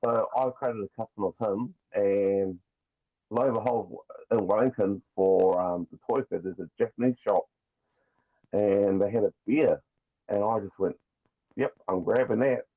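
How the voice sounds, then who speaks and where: A man's voice: fairly low pitch, fairly even intonation, measured pace. A man with a New Zealand accent, chatting casually and rambling as a podcast guest over a video call. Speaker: guest toy customizer. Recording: tinny phone-like call line.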